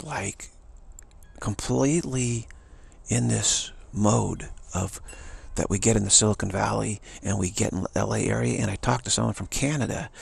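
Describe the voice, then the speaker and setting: A man with a deep, very gravelly and husky voice tells a personal story in a casual way. He repeats key phrases like a mantra and often drops to a near-whisper for an aside. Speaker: spiritual teacher.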